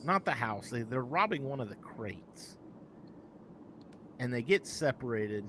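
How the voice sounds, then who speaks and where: A man co-hosting a live chat show, his pitch rising and falling a lot as he rambles along. He keeps restarting his sentences. A faint hiss of noise sits under his voice. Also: a little slow. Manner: animated, rambling, self-correcting. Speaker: podcast co-host.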